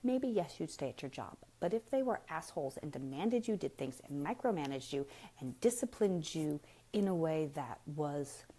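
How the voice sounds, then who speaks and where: Warm mellow woman on a live stream, blunt about parenting, keeps asking rhetorical questions. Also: low voice, expressive, moderate pace. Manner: emphatic, full of rhetorical questions; frank and blunt, addresses viewers directly. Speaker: parenting speaker. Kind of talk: casual live-stream talk.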